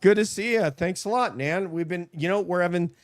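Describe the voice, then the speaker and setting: A man's voice: high voice, brisk, no echo, clean studio sound. Jokey self-deprecating male stream host. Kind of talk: casual livestream chat. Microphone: online video call.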